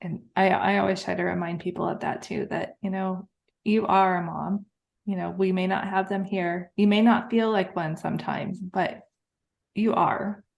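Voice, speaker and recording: A woman's voice: on the low side, steady tone, moderate pace, creaky, highs cut off. A woman hosting a podcast in casual chat, sincere, often filling with "you know". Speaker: podcast host.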